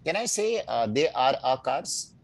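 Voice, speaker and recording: A man teaching a beginners' German class. He explains patiently, drills words slowly and keeps checking in with his students. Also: mid-range voice, sing-song, creaky, slight background noise, low-quality recording. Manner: patient, checks in often with "right?" and "no?"; drills pronunciation slowly, word by word. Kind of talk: live online language class.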